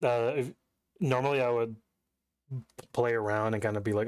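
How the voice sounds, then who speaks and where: A man's voice: medium pitch, fairly even intonation, normal speed, long pauses, a little mellow, clear, resonant tone, no room sound. A young man chatting casually as a game streamer, rambling, cursing and interrupting himself. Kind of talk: casual chat while streaming. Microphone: desk mic.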